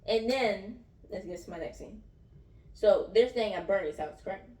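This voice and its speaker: A woman's voice: mid-range voice, animated, moderate pace, darkish tone. Woman casually retelling a film. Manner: retells movie scenes, laughing, quoting lines. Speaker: film reviewer. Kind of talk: casual film review chat. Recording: roomy, distant mic, faint hiss.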